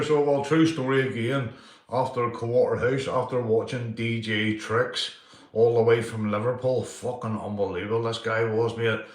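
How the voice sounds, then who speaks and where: Rambling sweary Northern Irish man, roomy echo. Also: fairly low pitch. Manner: rambling, sweary, laughs through his stories, peppers lines with "mate". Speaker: live streamer. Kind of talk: rambling live-stream storytelling and shout-outs.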